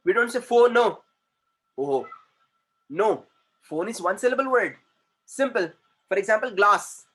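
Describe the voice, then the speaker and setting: Male trainer, high voice, repeats and stretches syllables for a class. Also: lively intonation, sharp tone, breathy edge. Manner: repetitive, drawn-out spelling of syllables, mixes in Hindi. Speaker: communication trainer. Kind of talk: classroom grammar lesson.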